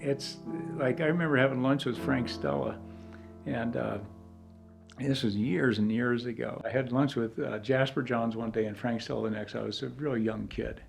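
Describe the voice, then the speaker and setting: An older man with a gravelly, creaky voice tells long rambling stories about his life for a documentary interview. He fills his talk with "you know" asides and grows emotional, and faint music plays behind him. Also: medium pitch, steady tone, normal speed. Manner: gets emotional. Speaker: painter.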